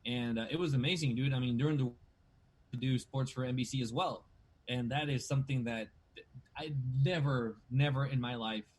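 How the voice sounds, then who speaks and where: A man with a Mexican Spanish accent talks in a loose, animated way, peppering his speech with casual slang. His voice sits at an ordinary pitch, and the delivery is relaxed podcast conversation rather than anything formal. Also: normal speed. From Tijuana, Mexico. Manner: animated, slangy, says dude and bro a lot. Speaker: guest, sports anchor. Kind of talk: casual chat.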